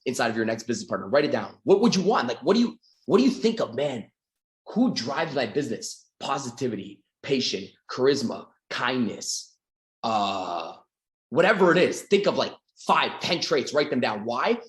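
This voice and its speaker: A man giving an energetic motivational sales training talk as a coach, acting out little scenes. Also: mid-range voice, moderate pace. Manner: energetic, acts out little scenes with quoted voices.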